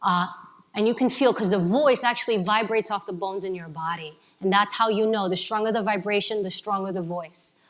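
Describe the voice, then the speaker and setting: A woman from New giving an energetic coaching talk to a live audience, asking them questions. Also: mid-range voice, brisk. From New York City. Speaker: speaker at a summit.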